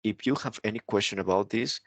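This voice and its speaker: Guy teaching grammar, slowish, kinda low gravelly voice, keeps saying right? to check you got it. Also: no room sound. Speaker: English teacher. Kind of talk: recorded grammar lesson.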